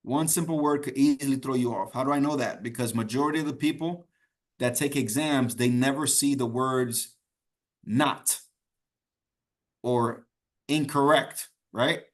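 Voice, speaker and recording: A man's voice: medium pitch, measured pace. A man teaching an exam prep class in a conversational, encouraging way, repeating key points and checking in with "okay?". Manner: repetitive, keeps checking in with "okay?". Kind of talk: live online class teaching.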